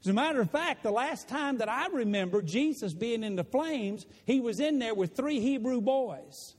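A man preaches, his voice sitting unusually high and swinging through a wide, lively range. He builds to shouts in an animated sermon. The sound rings with the long reverb of a large church. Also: normal speed. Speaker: pastor. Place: church sanctuary.

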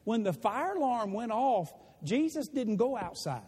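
A man preaches, his voice sitting unusually high and swinging through a wide, lively range. He builds to shouts in an animated sermon. The sound rings with the long reverb of a large church. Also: measured pace, slightly rough. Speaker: pastor. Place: church sanctuary.

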